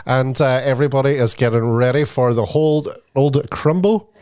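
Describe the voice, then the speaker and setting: A man's voice: medium pitch, moderate pace, darkish tone, smooth. A man, co-hosting a podcast and telling stories in casual chat, laughing often. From Ireland, from the country. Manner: laughing, storytelling. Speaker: podcast co-host.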